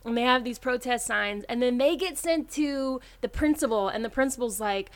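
A woman's voice: fairly high pitch, moderate pace. A woman hosting a casual chat, enthusiastically retelling a comic plot.

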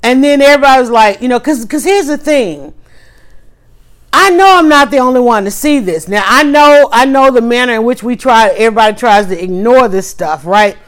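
A woman hosting a livestream tells a story in a fairly high-pitched voice, casual and animated. She restarts sentences quickly and drops in emphatic asides as she goes.

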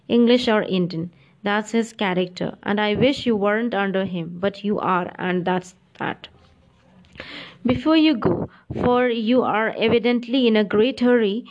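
An earnest, emotional Indian doctor, voiced by a woman reading aloud pours out his feelings in a heartfelt, pleading tone. The voice sits fairly high and bright. This is an audiobook performance. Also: highs cut off, close to an everyday voice.

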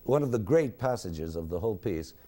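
A man giving a university music lecture in a hall, expressive and singing examples at the piano. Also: lowish voice, a little fast.

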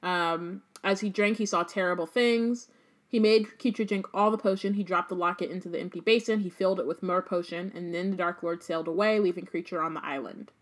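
A woman with a slightly low voice talks through a book chapter in a relaxed, chatty way, filling gaps with frequent ums. She jumps into side remarks as she goes. It sounds like an easygoing podcast recap. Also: a little fast. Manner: chatty, loose, frequent "um" and asides. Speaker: podcast co-host. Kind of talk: casual book discussion, summarizing a chapter.

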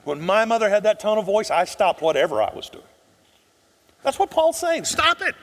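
A man's voice: high voice, sing-song, moderate pace, in a large hall. A male pastor preaching a sermon, asking the congregation rhetorical questions and sometimes dropping almost to a whisper for emphasis.

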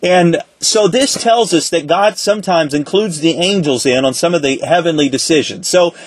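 A man teaching a Bible study lesson in a conversational way, asking rhetorical questions and slowing down to quote scripture. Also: a little high, dry recording.

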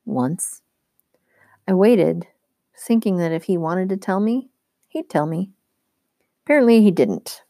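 A woman teacher reading a novel aloud in a steady, clear storytelling manner. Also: medium pitch, measured pace, pauses often, no room sound, clean studio sound.

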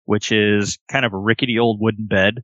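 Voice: mid-range voice, level tone, brisk, a bit bright, no room sound, muffled recording. A game master narrating a tabletop role-play game, describing scenes and often breaking into laughter.

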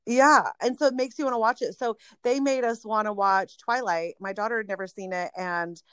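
A woman's voice: medium pitch, fairly even intonation, brisk, a bit bright, clean tone, no echo. A middle-aged woman chatting casually as a podcast co-host, often trailing off and restarting. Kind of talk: casual chat recommending podcasts.

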